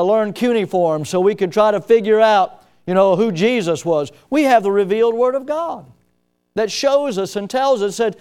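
High-voiced smooth preacher. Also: male voice, a little mellow. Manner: folksy, repeats key phrases, asks the congregation questions. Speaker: pastor. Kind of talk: sermon.

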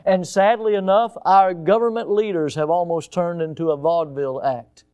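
Older man, pastor, fiery sermon delivery, big shifts in loudness, higher-pitched voice. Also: steady tone, normal speed, clean tone. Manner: emphatic preaching, big swings in loudness, mocking high voices.

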